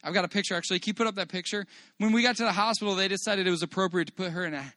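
A man's voice: high voice, sharp tone, dry recording. Earnest man sharing a church testimony. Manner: earnest, halting storytelling with praise to God. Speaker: father giving a church testimony. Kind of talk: personal testimony to a congregation. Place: church meeting room.

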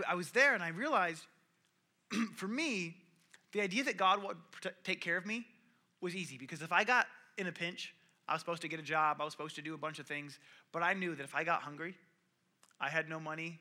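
A man's voice: on the high side, pushed and bright. A young man giving a conversational sermon, telling stories and acting out the people in them. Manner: conversational and storytelling, acts out quoted voices. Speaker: preacher.

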